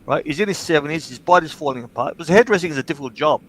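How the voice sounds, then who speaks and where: A man hosting a livestream, telling stories in casual chat, swearing freely and getting animated in bursts. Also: on the high side, very fast, rough recording. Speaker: livestream host.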